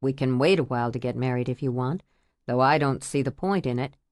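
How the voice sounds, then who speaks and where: A woman voicing an earnest, tender man in love who speaks quietly and steadily, in a romance audiobook. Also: fairly quick, no room sound, clean studio sound. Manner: quiet, steady, low-voiced. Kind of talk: audiobook character voice.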